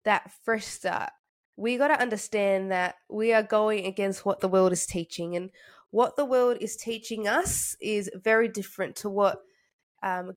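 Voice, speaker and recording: A young woman hosting a faith podcast in a chatty, casual way, with many fillers, sounding congested. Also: medium pitch. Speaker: podcast host.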